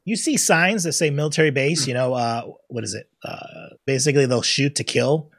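A man's voice: medium pitch, moderate pace, a bit bright. A man co-hosting a podcast, chatting casually, laughing often and swearing now and then. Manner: laughs often, swears, acts out quoted people. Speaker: podcast co-host. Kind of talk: casual chat.

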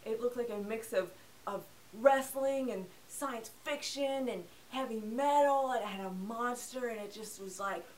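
A woman's voice: a little high, a little slow, darkish tone, recorded from a distance, low-quality recording. Playful, sarcastic woman reviewing films. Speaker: film review host. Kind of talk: casual scripted movie review.

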